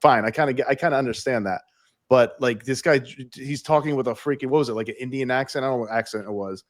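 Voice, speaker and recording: A man's voice: medium pitch, fast, no echo, studio quality. A man co-hosting a political talk show, ranting bluntly and cursing freely. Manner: blunt, swears, rants.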